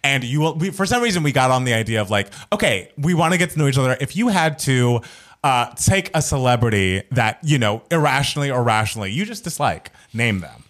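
A young man co-hosts a podcast in casual chat. He tells his stories with playful, campy flair and lots of animation, at a middling pitch. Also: very animated, fairly quick, fairly bright tone. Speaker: podcast co-host.

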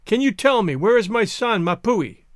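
A weary old island mother speaks slowly and plaintively, her voice pitched high with a lively lilt, as a male narrator puts her on. The sound is dry and close. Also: dry recording. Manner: plaintive, slow.

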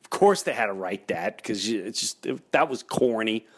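A middle-aged man, hosting a podcast and telling a story in an excitable way, breaking into loud impressions. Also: fairly low pitch, unhurried. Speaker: podcast host. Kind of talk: animated storytelling.

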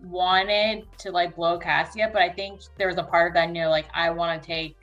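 A woman's voice: lowish voice, fairly even intonation, normal speed, fairly bright tone, lo-fi sound, soft background music. A woman co-hosting a casual chat show, talking hesitantly with many fillers. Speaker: podcast co-host.

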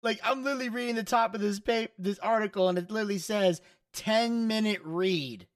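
A woman's voice: mid-range voice, a little fast, no echo. A woman co-hosting a podcast, chatting in a wry, easygoing way. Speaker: podcast co-host. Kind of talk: casual podcast chat. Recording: dry, distant mic.

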